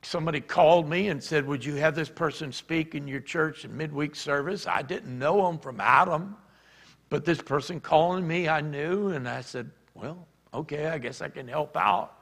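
A man preaching a sermon, telling stories and acting out shouted quotes. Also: fairly high pitch, normal speed. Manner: animated, acts out shouted quotes. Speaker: pastor. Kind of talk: sermon storytelling. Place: church. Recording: church hall reverb.

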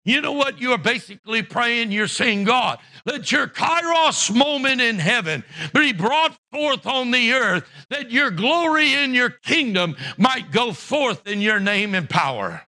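A man preaching a sermon as pastor of a church, impassioned, rising to shouts and acting out the voices of Bible characters. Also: extremely high pitch, sing-song, measured pace, few pauses. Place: church sanctuary.

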